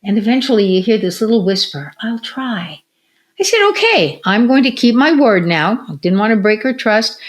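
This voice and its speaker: Older woman telling lively stories. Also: medium pitch, fairly quick, hardly any pauses. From United States. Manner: animated storyteller who acts out quotes. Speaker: podcast guest, retired physical therapist. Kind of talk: casual storytelling interview.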